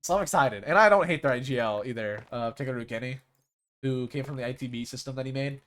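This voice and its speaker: A man's voice: medium pitch, fast talker, fairly bright tone, slight background noise. A young man streaming, chatting casually and rambling about esports rosters, restarting his sentences often.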